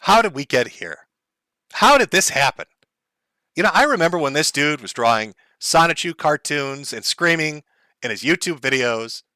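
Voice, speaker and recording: Streamer host, male: bright, animated delivery, dry close sound, crude sarcastic rant. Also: a little high, normal speed, dry recording. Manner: sarcastic, crude, mock-panicked asides. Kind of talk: mocking livestream rant.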